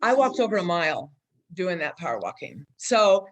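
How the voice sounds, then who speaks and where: A woman in her seventies on a laptop video call, telling a story in an excited, chatty way. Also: fairly low pitch, a little fast, very noisy. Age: 70s. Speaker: community member sharing a testimonial. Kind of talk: casual group video call. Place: relative's home with people around.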